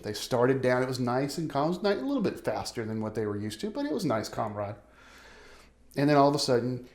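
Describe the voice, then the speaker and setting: A man's voice: medium pitch, a little mellow. A male realtor gives a weekly market update as a story, talking casually and often checking in with "right?". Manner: conversational, keeps asking "right?".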